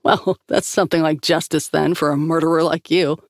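A hard-edged woman agent, curt and scornful in every line, as a woman reading a story voices her. Her voice is gravelly and dry, close to the mic. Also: low-pitched, moderate pace, dry recording. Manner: blunt, curt.

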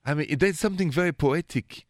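A man's voice: a little high, a little fast, dry recording. French-accented male radio host, dry studio sound. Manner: warm, playful, romantic. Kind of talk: late-night call-in radio chat. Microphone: studio microphone.

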